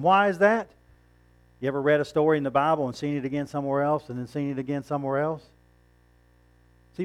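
A man preaching a sermon in a conversational way, asking rhetorical questions and chuckling now and then. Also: fairly high pitch.

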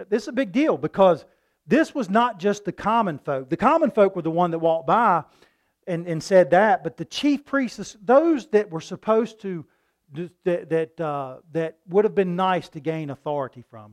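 A man preaching a sermon in a folksy style, often asking his listeners "right?" and loudly acting out the voices of a mocking crowd. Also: high voice, a little slow. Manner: animated, acts out mocking crowds in loud voices.

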